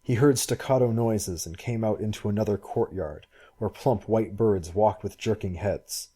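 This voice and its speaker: A man reading a science fiction story aloud in a measured, even way. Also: fairly low pitch, breathy edge. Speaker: audiobook reader. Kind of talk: scripted narration.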